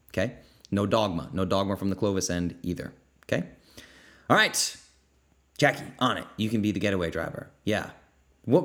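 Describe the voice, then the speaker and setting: A man hosting a casual Q&A podcast from his kitchen, energetic and blunt, reading out viewer comments and swearing freely. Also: deep voice. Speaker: podcast host. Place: home kitchen.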